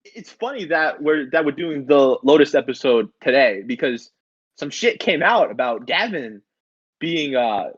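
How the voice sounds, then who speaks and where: A man's voice: fairly high pitch, animated, a little slow, slightly rough. Rambling man on a lo-fi mic. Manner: rambling, repeats words, swears casually. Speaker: podcast co-host. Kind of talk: casual comedy podcast chat.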